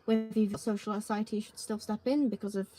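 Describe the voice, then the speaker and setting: A woman's voice: mid-range voice, fairly even intonation, fast, warm tone, a little hiss or hum. A woman hosting a casual chat, talking hesitantly with many fillers. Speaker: host.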